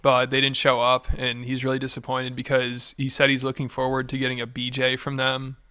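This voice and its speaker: A man narrating a commentary video in a dry, sarcastic, deadpan way. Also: medium pitch, fairly quick, slight background noise.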